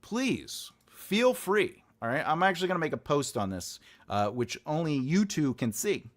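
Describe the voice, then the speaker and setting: A man's voice: on the high side, a little fast. A man hosting a live writing stream, chatting loosely with his viewers, rambling and laughing, often acting out what other people say. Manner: rambling, animated, laughs often, acts out quotes. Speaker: writing teacher and show host.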